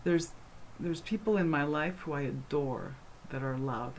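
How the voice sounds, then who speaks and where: A woman vlogging at home, answering questions in a casual, rambling chat full of fillers, animated and passionate as she talks. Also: low voice, measured pace, noisy background. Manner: animated and passionate when speaking.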